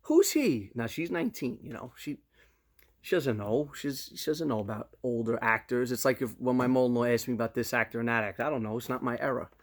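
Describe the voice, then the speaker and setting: A man, chatting casually to camera as a vlogger and telling stories in an animated way. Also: medium pitch, quick pace. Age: 50s. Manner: animated storyteller, slips into loud quoted voices.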